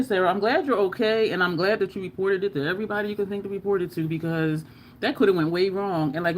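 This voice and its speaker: Under bright lights at her home makeup station, an American beauty livestreamer rambles on and talks straight to her audience, calling them y'all. Her voice is medium in pitch, with a little hiss or hum in the recording.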